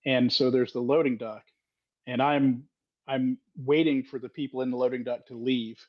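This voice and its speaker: A man telling a story in a self-deprecating way on a podcast, lively and candid. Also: medium pitch, moderate pace, no room sound, dull audio. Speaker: podcast guest, Freemason author. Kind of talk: casual storytelling conversation.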